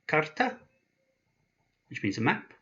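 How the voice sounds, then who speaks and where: A man teaching a language lesson, patient and slow, pausing after each sound he spells out. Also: medium pitch, big pitch swings, bright, forceful tone, dull audio. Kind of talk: explaining slowly, with pauses.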